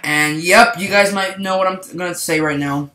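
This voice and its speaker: A man's voice: high voice, normal speed, bright, forceful tone. A man giving a casual spoken movie review, rambling and saying "like" constantly. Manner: rambling, heavy use of "like". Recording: echoey room.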